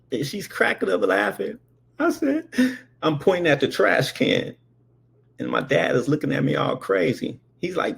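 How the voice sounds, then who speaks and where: Male comic storyteller with a rough, husky voice and a huge pitch range, stammering and acting out every character. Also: very animated, a little slow. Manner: stammering, acts out quoted voices.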